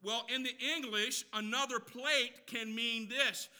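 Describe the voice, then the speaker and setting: A man preaching a sermon with passion, swinging between loud shouted emphasis and quiet teaching, repeating phrases for effect. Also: very high-pitched, fairly even intonation, unhurried. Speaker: pastor.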